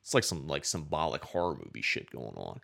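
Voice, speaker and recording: Man, very low gravelly voice, casual rambling storyteller, swears a lot. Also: sing-song, a little fast, pushed and bright. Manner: rambling, profane, many "like" fillers.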